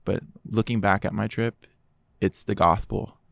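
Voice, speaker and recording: Man, low and gravelly, casual podcast guest acting out the dialogue as he tells his story. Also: measured pace, no echo, clean studio sound. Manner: animated storyteller, quotes others in dialogue.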